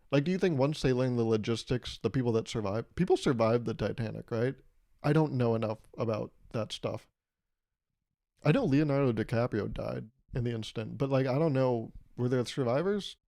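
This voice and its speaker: A young man hosts a casual solo podcast, rambling through a story and laughing at his own jokes. His voice sits in the mid-range with a dark tone.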